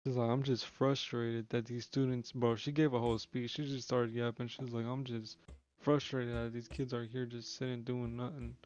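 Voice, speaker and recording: A man's voice: medium pitch, level tone, moderate pace, darkish tone, lo-fi sound. A young man streaming live, telling a long story in casual slangy speech with lots of swearing and restarts. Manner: rambling, slangy, swears freely, restarts often.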